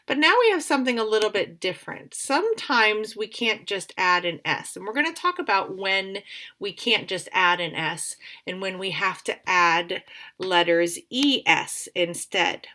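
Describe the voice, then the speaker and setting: Patient woman teacher with a bright voice. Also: medium pitch, expressive. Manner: slow, patient, sounding words out. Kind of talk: recorded grammar lesson for children.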